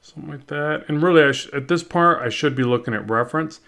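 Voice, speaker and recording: A man's voice: fairly high pitch, quick pace, gravelly, fairly bright tone. A man teaching drawing in a casual tutorial, thinking aloud as he works and correcting himself often. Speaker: art instructor.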